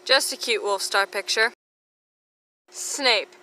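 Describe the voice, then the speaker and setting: Fan comic reader: woman, bright voice, breathless run-ons, faint noise behind. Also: mid-range voice, poor audio. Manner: breathless, rapid run-on reading. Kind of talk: reading fan comics aloud.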